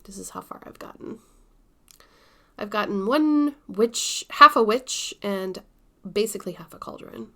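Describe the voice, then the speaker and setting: With an animated, mid-range voice, a woman vlogger shows and tells about her stitching projects. She's chatty and in no rush, slipping in a few soft asides.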